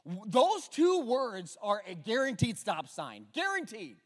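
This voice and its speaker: A middle-aged male pastor preaching in a church, with a high, lively voice that leaps around his register. He jokes with the congregation and swings from loud bursts to near-hushed asides. His voice rings out with a long echo through the large hall. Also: unhurried. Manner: animated, joking, swings between loud and hushed. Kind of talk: sermon.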